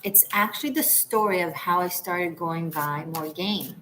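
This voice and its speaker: A woman's voice: lowish voice, measured pace, pushed and bright, slight background noise, poor audio. A woman from Israel hosting a tarot livestream, chatting casually with viewers in a rambling, laughing way. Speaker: tarot reader and livestream host.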